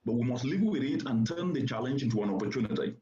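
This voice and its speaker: A man with a mid-range, warm voice speaks fast with lively intonation as he delivers a formal keynote to a seated audience at a conference venue. He is oratorical and emphatic, repeating points for stress, and the recording is roomy and slightly dull.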